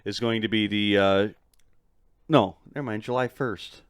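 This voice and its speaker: A man's voice: on the low side, fairly even intonation, a little slow, smooth, no echo, studio quality. A man co-hosting a casual podcast chat, loose and joking, swearing freely. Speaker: podcast co-host and band member.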